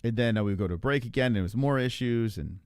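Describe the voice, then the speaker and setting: A man's voice: mid-range voice, very fast, a little mellow, clear, resonant tone, no room sound. Ranting male livestream host, dry sound. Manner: ranting, mocking a chatter in a put-on voice; profane and jokey. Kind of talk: casual livestream chat.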